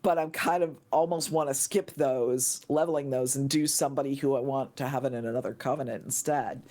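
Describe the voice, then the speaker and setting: A woman in casual podcast chat, excitable and gushing, now and then shrieking with delight. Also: extremely low pitch, fairly quick. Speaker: podcast guest.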